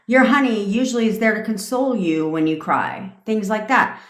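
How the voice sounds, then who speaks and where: A woman's voice: mid-range voice, lively intonation, moderate pace, reverberant. A woman coaching viewers on a casual livestream, blunt and profane, laughing often. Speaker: manifestation coach. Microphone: phone or webcam.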